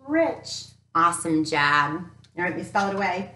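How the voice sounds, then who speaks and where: A woman teacher giving a recorded phonics lesson to young children, upbeat and encouraging, sounding out each letter slowly. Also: lowish voice, sing-song, sharp tone. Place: home teaching space with an easel. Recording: echoey room.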